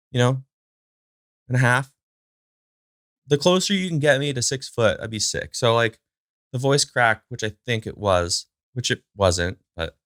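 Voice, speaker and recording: Talking to the camera from a chair in his home, the man hosts a casual one-person podcast, wandering through fillers and comments to his dog. His voice sits at medium pitch and is a bit bright, and the recording is dry with clean studio quality.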